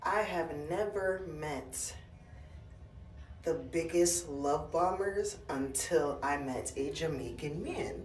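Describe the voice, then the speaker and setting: Woman, storytelling, acts out voices, lowish pitch, echoey distant mic. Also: slow pace, soft background music. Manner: animated, acts out the dialogue. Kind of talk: casual storytelling. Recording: roomy echo, from a distance.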